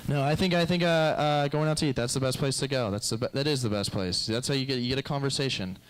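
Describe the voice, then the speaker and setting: A man's voice: medium pitch, fast, clear, resonant tone, low-quality recording. A young man doing a stand-up comedy set, rambling and crude with self-deprecating asides.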